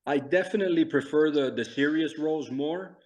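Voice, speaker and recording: A man's voice: fairly high pitch, brisk, rough recording. A middle-aged man, a guest actor, talking earnestly and thoughtfully about his work in a casual interview over a video call. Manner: earnest, self-reflective, acts out quotes.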